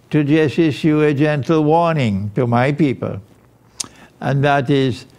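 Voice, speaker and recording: A male Islamic lecturer delivering a recorded talk at a notably slow pace. He speaks in measured, emphatic phrases, pausing between each one, and his voice sits at a middle pitch. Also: a little mellow.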